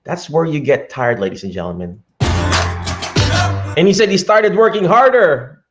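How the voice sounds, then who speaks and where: Animated male live-stream host. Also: fairly high pitch, normal speed. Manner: animated, preachy. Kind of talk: live-stream interview commentary. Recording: dull lo-fi stream audio with faint music.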